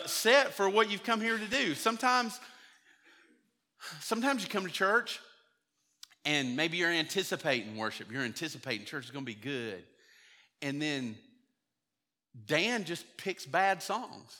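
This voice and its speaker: In his church sanctuary, a pastor preaches a sermon in a conversational, storytelling way, acting out the voices of the people he quotes. His voice sits high and has a sharp tone, and the recording carries church hall reverb.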